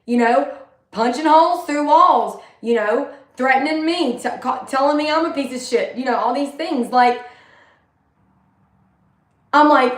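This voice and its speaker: High-voiced woman, candid and rambling. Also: measured pace, long pauses. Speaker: vlogger. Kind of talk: personal monologue. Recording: echoey room.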